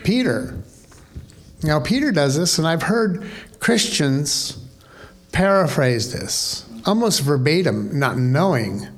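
A man's voice: fairly high pitch, sing-song, takes it slowly. A man preaching a sermon as pastor, conversational and wry, full of rhetorical questions.

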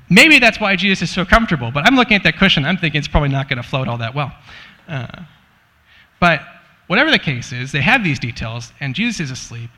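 A man with a fairly high, bright, forceful voice gives a relaxed, chatty Bible teaching. He jokes and fills his talk with "like" and "you know". The sound rings with a long echo, as in a hall. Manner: chatty and joking, many "like" and "you know" fillers. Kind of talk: casual sermon.

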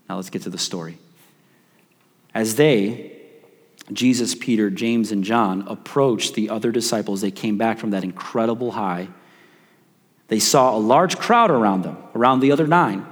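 A man's voice: on the low side, moderate pace, pauses often. A male pastor preaching a sermon, telling a story with playful asides and frequent restarts. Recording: long hall reverb.

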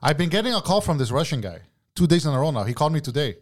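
A man's voice: a little high, sing-song, rapid-fire. A man co-hosting a casual podcast chat. He swears freely and acts out funny phone calls. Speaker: podcast co-host.

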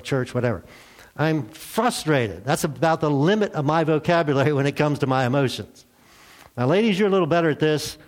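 An older man delivers a sermon from the pulpit. His voice sits at a medium pitch, and he talks to the congregation directly and conversationally. He often pokes fun at himself. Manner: conversational, self-deprecating, addresses the congregation directly. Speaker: pastor. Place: church.

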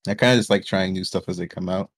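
A man's voice: sits low, quick pace, dry recording. A young man in a casual chat among friends, laid-back and easygoing.

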